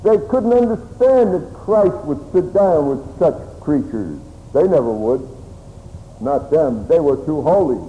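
A man preaching a sermon slowly and solemnly, with old-fashioned phrasing. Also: fairly high pitch, animated, phone-quality sound. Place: church. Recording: church hall reverb with faint room noise.

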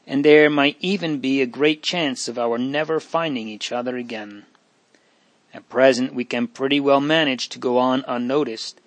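A man reading aloud voices a dutiful young man who speaks in a hurried, nervous way. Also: mid-range voice, dry recording, close to an everyday voice.

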